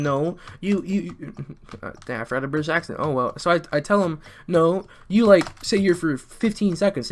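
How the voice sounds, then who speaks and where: Teen boy, storytime while gaming, rambling and joking, fairly high voice. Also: a little hiss or hum. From US South. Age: teens. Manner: rambling, joking, restarts a lot, mutters at the game. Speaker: YouTuber. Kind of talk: storytime commentary over gameplay.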